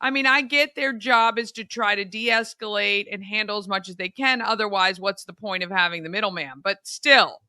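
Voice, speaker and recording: A woman's voice: medium pitch, pushed and bright, clean tone, no room sound, clean studio sound. A woman co-hosting a live local morning show, reacting and chatting casually. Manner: chatty, quick to react and agree. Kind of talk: casual on-air chat.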